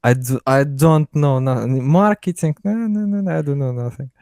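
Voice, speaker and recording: A man with a Russian accent, a mentee speaking English as a second language, halting and hesitant with many fillers. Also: medium pitch, dark tone, no room sound, clean studio sound. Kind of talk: casual chat.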